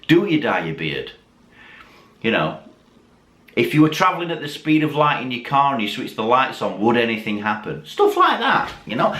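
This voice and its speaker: A man's voice: medium pitch, fairly bright tone. A tipsy man, rambling, swearing and mocking himself as he chats to camera at home. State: tipsy from drinking. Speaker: YouTube channel host. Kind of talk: casual chat to camera. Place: dim room at home, lit by Christmas lights. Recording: echoey room with faint background noise.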